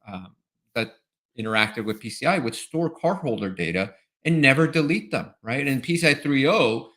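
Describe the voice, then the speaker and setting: A man's voice: medium pitch, animated, moderate pace, fairly bright tone. A man answering as an expert guest in a webinar interview, explaining step by step and often checking in with "right?". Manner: explanatory, tags points with "right?".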